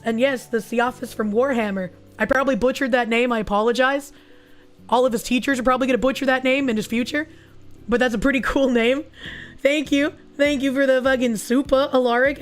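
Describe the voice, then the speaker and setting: A high-pitched VTuber streamer with a hoarse, raspy, husky voice is losing it after being ill. She chats casually on her livestream, reading super chats, and is crude, swearing often.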